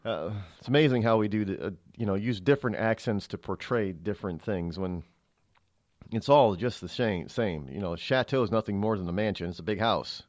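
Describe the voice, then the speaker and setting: A man's voice: fairly low pitch, brisk, a little mellow, dry recording. A man hosting a talk radio show from a studio, rambling through a monologue with many restarts and fillers. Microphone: studio mic.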